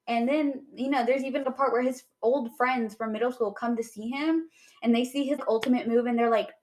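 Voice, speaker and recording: A young woman co-hosting a podcast in casual chat, animated and quick to act out characters' lines. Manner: animated, acts out characters' lines in quick shifts of pitch and volume. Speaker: podcast co-host.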